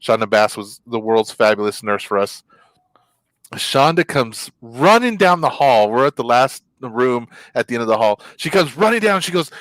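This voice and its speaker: Animated storytelling man, dry sound. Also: mid-range voice, normal speed, dry recording. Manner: animated storyteller, laughs often. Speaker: co-host. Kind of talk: casual chat.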